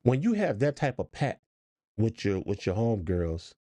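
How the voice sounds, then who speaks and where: A middle-aged man with a low, mellow voice talks in an easy, unhurried way, putting questions to his co-host. The sound is dry and close, with no room behind him. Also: no room sound. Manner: relaxed, questioning, reads out listener comments. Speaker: podcast co-host. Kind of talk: casual chat.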